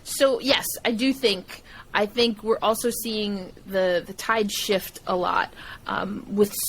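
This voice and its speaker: A woman, a guest on a podcast, talking in a lively, laughing way. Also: mid-range voice, takes it slowly, slight background noise, rough recording. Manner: animated, laughs often, acts out quoted dialogue. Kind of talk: casual interview chat.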